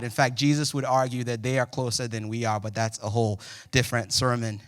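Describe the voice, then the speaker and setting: A young man preaching a sermon in a church, conversational and joking, with sudden loud emphasis. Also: mid-range voice, clear, resonant tone, no echo, studio quality. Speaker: pastor. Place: church auditorium.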